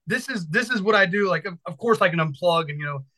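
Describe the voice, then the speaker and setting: A man's voice: high-pitched, lively intonation, fast talker, sharp tone, low-quality recording. A man in his thirties from Virginia, a firefighter instructor talking casually and energetically in an interview, rambling and swearing freely.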